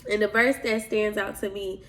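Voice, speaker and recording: A woman's voice: mid-range voice, flat delivery, moderate pace. A woman hosting a podcast, speaking earnestly and confidingly as she shares a personal faith testimony. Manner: earnest, confiding, addresses listeners as y'all. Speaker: podcast host.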